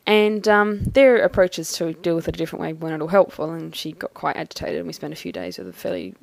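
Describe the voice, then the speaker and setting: A woman talking through a personal experience in a thoughtful, halting, measured way. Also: on the low side, fairly even intonation, gravelly. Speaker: vlogger. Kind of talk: personal reflective monologue.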